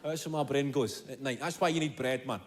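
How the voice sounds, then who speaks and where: A Scottish man in his thirties doing stand-up comedy, telling an animated, profane story. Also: mid-range voice, fairly quick, heavy background noise.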